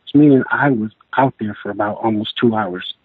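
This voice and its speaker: Male guest on a phone line, husky voice, dry and tinny sound, halting and rambling delivery. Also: fairly low pitch, no room sound. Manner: rambling, halting, many restarts and fillers. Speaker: guest telling his encounter. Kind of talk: casual storytelling interview.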